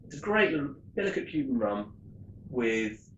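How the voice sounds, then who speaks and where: A man, telling stories in a chatty, animated way on a rum tasting vlog. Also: medium pitch, normal speed, dull audio, a little hiss or hum. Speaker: rum vlogger. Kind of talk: casual tasting vlog storytelling. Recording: echoey room.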